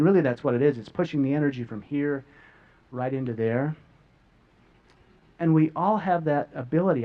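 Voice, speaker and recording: A middle-aged man earnestly sharing a personal story as a guest, often repeating words as he goes. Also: mid-range voice. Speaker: guest speaker. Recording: dull lo-fi audio.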